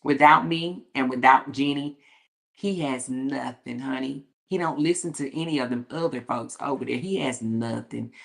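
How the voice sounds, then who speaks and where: Lady on a livestream, super low gravelly voice, sassy and cussing, reading comments. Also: moderate pace. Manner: sassy, blunt and profane, laughs often.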